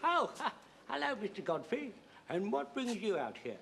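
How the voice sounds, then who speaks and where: A flustered old rambling butcher. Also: male voice, high-pitched, very animated, normal speed, vocal fry, fairly bright tone, slight background noise, exaggerated voice. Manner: rambling, stumbling over words, nervous laughs. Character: flustered elderly male butcher, eager and rambling. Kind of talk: 1970s TV sitcom acting.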